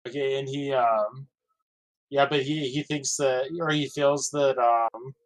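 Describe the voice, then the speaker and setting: A man's voice: medium pitch, steady tone, measured pace, poor audio. A man playing a tabletop game, explaining his character's thoughts hesitantly. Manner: hesitant, fumbling for words. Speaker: player. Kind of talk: casual tabletop game chat.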